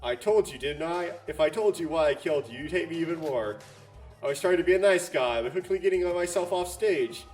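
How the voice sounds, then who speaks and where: A man voicing a young male boxer who admits to a murder, speaking in a flat, resigned way, reading game lines aloud. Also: a little high, fairly quick, faint music behind, close to an everyday voice. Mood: cold. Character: male teen boxer, calm killer turned cold.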